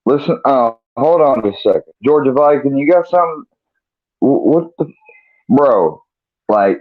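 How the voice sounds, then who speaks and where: A man's voice: mid-range voice, dry recording. A man hosting a live stream, chatting casually and bluntly to his viewers with plenty of swearing. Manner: laid-back and profane, talking straight to viewers. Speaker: livestream host. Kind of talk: casual livestream chat. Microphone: laptop mic. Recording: dry, tinny phone-like sound.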